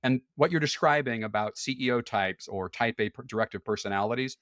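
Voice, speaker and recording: Candid man explaining in a relaxed chat. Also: medium pitch, a little fast, no room sound, clean studio sound. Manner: candid, explanatory, often laughs. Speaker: podcast guest. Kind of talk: casual conversation.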